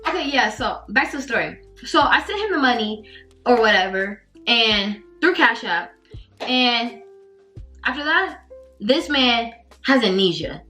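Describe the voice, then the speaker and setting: Bright, animated young woman vlogger. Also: on the high side, measured pace, soft background music, rough recording. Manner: animated, slangy, heavy use of "like". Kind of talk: casual storytime. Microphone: camera mic.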